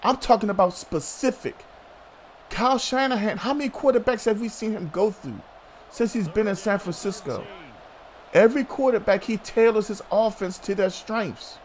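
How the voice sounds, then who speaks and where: A man's voice: high-pitched, normal speed, a little hiss or hum. A man hosting a sports talk show, arguing heatedly with a co-host, swearing and calling him bruh.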